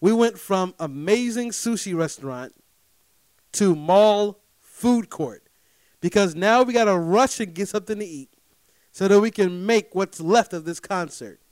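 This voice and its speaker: A man telling a personal story to his listeners in a casual, animated way. He is emphatic, keeps checking in with his audience, and swings between loud bursts and low asides. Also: measured pace, no room sound.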